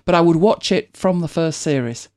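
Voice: mid-range voice, moderate pace, a little mellow. A host with a British accent, chatting casually and rambling with many restarts. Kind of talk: casual chat.

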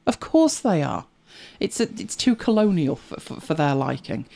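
In a casual chat, a middle-aged English speaker keeps a conversational, reflective flow, punctuated by small laughs and side comments. The voice is middling in pitch, very animated, with vocal fry, a moderate pace, and a slightly mellow quality.

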